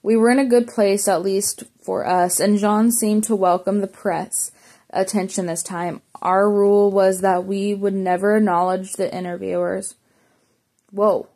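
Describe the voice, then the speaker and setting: Mellow-voiced woman reading a memoir. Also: mid-range voice. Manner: plain reading with small slips and self-corrections. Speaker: audiobook reader.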